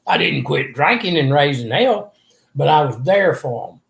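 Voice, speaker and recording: A man's voice: on the high side, lively intonation, normal speed, gravelly. An older man, earnestly telling a rambling personal story in an interview. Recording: echoey room.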